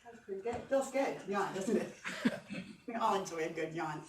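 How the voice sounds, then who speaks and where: A woman's voice: medium pitch, normal speed, slight background noise. A woman voice coach giving an upbeat, encouraging talk at a conference, leading the audience through breathing exercises. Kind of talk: presentation on stage. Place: conference hall. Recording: roomy hall sound from a distance, faint ambience.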